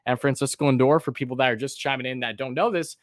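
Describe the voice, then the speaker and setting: A man hosting a live sports stream, talking casually with lots of ums and uhs and answering chat questions, and by his own account a bit monotone. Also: mid-range voice, fast talker, no room sound, studio quality. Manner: casual, many fillers, reads chat names aloud.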